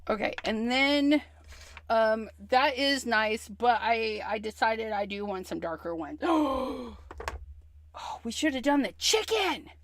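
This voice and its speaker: A woman's voice: fairly high pitch, animated, measured pace, a little hiss or hum. A woman hosting a crafting livestream, chatting casually with viewers and murmuring to herself as she stamps.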